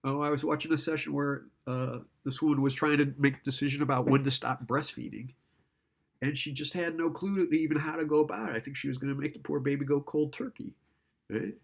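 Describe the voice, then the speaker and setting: A man's voice: fairly high pitch, a little fast, creaky. A man lecturing in a casual, conversational way, often checking in with "right?" and acting out client and therapist lines. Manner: conversational, keeps asking "right?".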